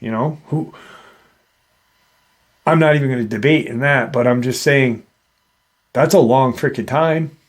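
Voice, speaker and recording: Slow, rambling male storyteller. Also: mid-range voice. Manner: rambling, hesitant, lots of fillers. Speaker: podcast host. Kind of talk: casual paranormal storytelling.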